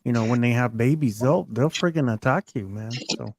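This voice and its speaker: Casting: gravelly man, easygoing and slangy, dry close recording. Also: mid-range voice, a little fast, no room sound. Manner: laid-back, slangy, laughs often. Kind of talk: casual chat.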